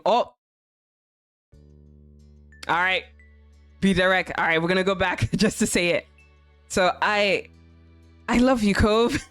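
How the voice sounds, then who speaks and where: A woman's voice: mid-range voice, a bit bright, smooth, dry recording, clean studio sound. A young woman streaming a visual novel, reading it aloud and chatting in a giggly, gushing way.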